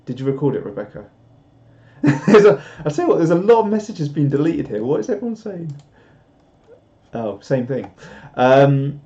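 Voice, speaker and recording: A man's voice: fairly high pitch, sing-song, moderate pace, dark tone, lo-fi sound. A man rambling casually on a live stream, laughing at himself. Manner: rambling, self-mocking, laughs often.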